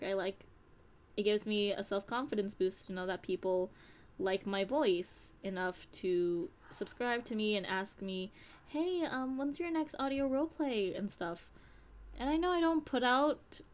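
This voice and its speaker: A woman's voice: medium pitch, clear, resonant tone. A young woman talking on a live stream, in a candid, rambling way with casual swearing. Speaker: streamer and audio creator.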